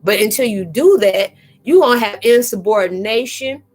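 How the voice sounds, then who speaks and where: A woman hosting a casual live-stream spiritual chat, talking in a slangy, animated way and laughing often. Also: medium pitch, normal speed. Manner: chatty and animated, laughing and acting out quoted exchanges; slangy, informal phrasing.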